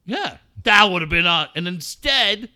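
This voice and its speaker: A man hosting a radio show, telling a story in loud, mocking, profanity-laced banter. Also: high voice, a little slow. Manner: loud, mocking, animated storyteller who swears a lot.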